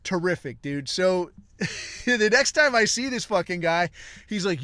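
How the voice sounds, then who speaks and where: A man hosting a podcast, telling a long comic story in a rambling, crude way with deadpan asides. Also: sits high, measured pace, dry recording. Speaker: podcast host.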